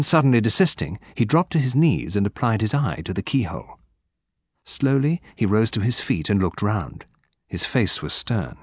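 Low-voiced man narrating a story. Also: breathy edge, dry recording, clean studio sound. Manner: steady, measured storytelling. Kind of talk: audiobook narration.

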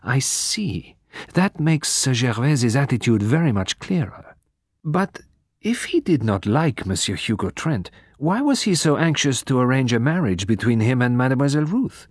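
A man voicing a fussy, precise little male detective, speaking politely and softly. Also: mid-range voice, very animated, moderate pace, slightly rough, dry recording, studio quality. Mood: thoughtful. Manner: polite, precise, soft-spoken.

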